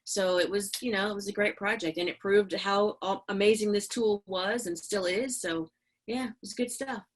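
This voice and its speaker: A woman's voice: mid-range voice, moderate pace. Chatty middle-aged woman telling stories. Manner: animated, chatty, many fillers and laughs. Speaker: podcast guest, business owner. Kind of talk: casual interview storytelling.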